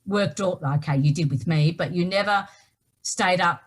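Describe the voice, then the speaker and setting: A woman's voice: lowish voice, moderate pace. Aussie woman guest telling her story all worked up, keeps going "right?". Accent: Australian. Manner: emphatic, keeps asking "right?". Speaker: author guest. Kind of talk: animated personal storytelling.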